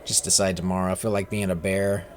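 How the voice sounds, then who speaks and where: In a low, level voice and at a quick pace, a man hosting a gaming channel banters with a friend during play. He's easygoing, joking, and wondering aloud, recorded through a desk microphone with faint background noise.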